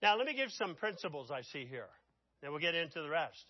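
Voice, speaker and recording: High-voiced dramatic male preacher. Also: big pitch swings, brisk, dry recording, dull audio. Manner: dramatic storytelling, swinging from loud outbursts to hushed asides. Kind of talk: sermon.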